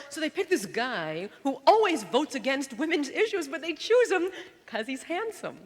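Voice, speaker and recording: Punchy woman stand-up comic, lively pitch. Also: a little fast. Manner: sharp, punchy delivery with mocking put-on voices. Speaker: stand-up comedian. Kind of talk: live stand-up comedy. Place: theater stage before a live audience. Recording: roomy live show recording with crowd.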